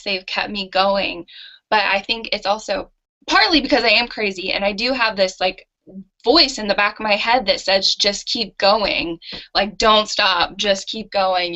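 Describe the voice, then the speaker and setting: Lively woman entrepreneur telling her story. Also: medium pitch. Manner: animated and self-mocking, with laughs. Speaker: entrepreneur guest. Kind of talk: candid storytelling interview. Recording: dull lo-fi audio.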